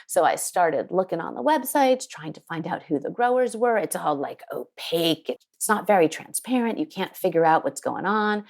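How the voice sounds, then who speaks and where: A woman winemaker telling an animated story in an interview, acting out the people she quotes. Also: lowish voice, normal speed, creaky. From United States. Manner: lively, quotes people in put-on voices. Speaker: winemaker guest. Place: her home in Sonoma County.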